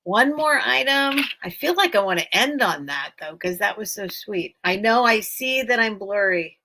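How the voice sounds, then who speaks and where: A woman's voice: medium pitch, expressive, moderate pace, sharp tone. A woman hosting a casual live-stream sale from home, chatty and rambling, often thanking her viewers.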